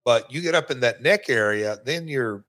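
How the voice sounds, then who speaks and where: A middle-aged man with a Southern accent, hosting a podcast and reminiscing in casual chat, often pausing with fillers and restarts. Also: medium pitch, expressive, fairly bright tone. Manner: halting, lots of fillers and restarts. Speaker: podcast host, former wrestler.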